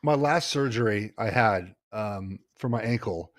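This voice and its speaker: A man's voice: fairly low pitch, expressive, a little slow. A middle-aged man hosting a podcast, chatting casually and rambling with lots of fillers and restarts. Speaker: podcast host. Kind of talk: casual chat.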